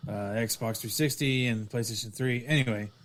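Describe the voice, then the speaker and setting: Male podcast co-host, middle pitch, stop-start storytelling. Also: steady tone. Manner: halting storytelling with restarts. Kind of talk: casual podcast chat.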